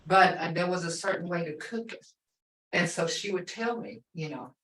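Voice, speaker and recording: A woman's voice: on the low side, moderate pace, fairly bright tone. An older woman teaching a language class over a video call, patiently stretching out words to show how they sound. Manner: patient, drawing out words to model pronunciation. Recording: roomy sound from far off the mic.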